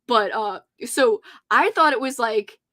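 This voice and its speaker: A woman's voice: on the high side, animated, measured pace, pushed and bright. A woman hosting a casual livestream chat, giggly and rambling. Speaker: host.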